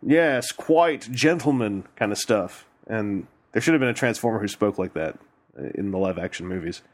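A man's voice: on the low side, fairly quick. A man hosting a casual podcast, jokey and playful as he reads listener questions aloud. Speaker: podcast host.

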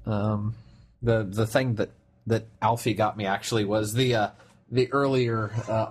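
Young guy, kinda low voice, rambling podcast chat, lots of ums and restarts. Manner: rambling, frequent restarts and fillers. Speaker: podcast co-host. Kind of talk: casual chat.

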